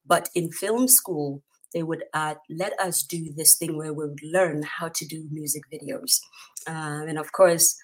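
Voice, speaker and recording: Lively woman hosting a livestream. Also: low-pitched. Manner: animated, playful, greets viewers in many languages. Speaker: host of a livestreamed talk show. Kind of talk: lively livestream greetings and introduction.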